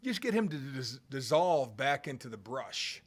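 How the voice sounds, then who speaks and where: A man's voice: medium pitch, sing-song, measured pace. A man preaching a sermon, quoting scripture with earnest emphasis and rising bursts.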